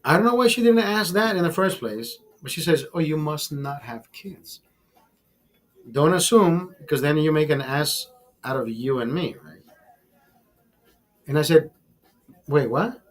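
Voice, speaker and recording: A man with a somewhat high voice tells a story on his livestream in a casual, profane way. He leans hard on his points, swears freely and breaks off to speak to people in his chat. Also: lively intonation, normal speed. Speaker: livestream host.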